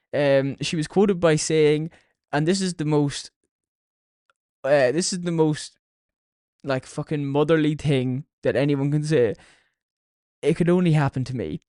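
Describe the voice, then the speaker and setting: A man's voice: fairly high pitch, darkish tone, smooth, no room sound, clean studio sound. A young Irish man hosting a solo podcast, talking casually with plenty of swearing and mockery. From Ireland. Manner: sweary, mocking. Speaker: podcast host.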